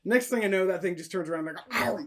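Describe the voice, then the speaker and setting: A man's voice: sits high, rapid-fire. A man co-hosting a casual podcast chat, laid-back and teasing, laughing along with his co-host.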